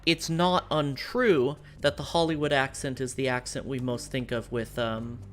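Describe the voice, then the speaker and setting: With faint music in the background, a woman from the US streams a strategy game in a very deep, steady voice at normal speed. She chats loosely with her audience, rambling and often restarting her sentences amid plenty of fillers.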